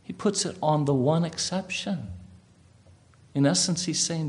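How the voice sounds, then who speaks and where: A pastor preaching a sermon, telling a story emphatically with rhetorical questions. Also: male voice, on the high side, measured pace, pauses often, darkish tone.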